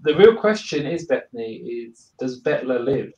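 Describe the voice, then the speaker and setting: A man's voice: mid-range voice, big pitch swings, moderate pace, mellow, far from the mic, dull audio. Wry British man in a roomy space. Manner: wry, self-deprecating. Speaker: regular co-host. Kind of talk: casual chat among writers.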